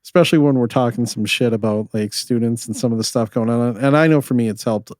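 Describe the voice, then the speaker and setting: A man's voice: medium pitch, quick pace, a little mellow, no echo, studio quality. A man professor co-hosting a podcast in casual chat, easygoing and agreeable, joking with some profanity.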